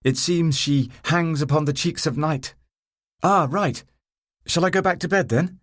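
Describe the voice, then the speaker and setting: A man's voice: on the high side, measured pace, no echo, clean studio sound, voice pushed up. A man voicing a mild, polite young brother who is a little jumpy, in an audiobook. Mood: sheepish. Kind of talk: audiobook character voice.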